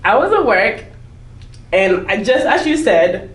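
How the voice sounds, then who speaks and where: A woman's voice: mid-range voice, sing-song, measured pace, recorded from a distance. Woman telling her story, echoey room. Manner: candid, laughs through hard memories. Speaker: interview guest. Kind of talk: emotional personal testimony.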